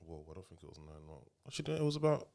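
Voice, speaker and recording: A man's voice: low voice, big pitch swings, rapid-fire, vocal fry, a little mellow. A man hosting a casual podcast as a father, teasing and rambling, often repeating his questions.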